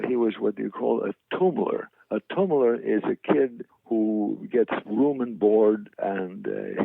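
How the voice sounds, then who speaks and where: Gravelly older man on a phone-like line. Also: fairly low pitch, dry recording. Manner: rambling anecdotes, chuckling, self-deprecating. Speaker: guest, veteran actor. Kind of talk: casual interview storytelling. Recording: phone-like dry remote line.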